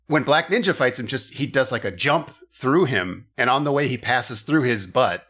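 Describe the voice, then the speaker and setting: Casting: male podcast host, bright clear tone, loose comedic recap with quick character voices. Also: medium pitch, lively intonation. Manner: acts out movie characters in quick silly voices. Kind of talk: casual comedic chat.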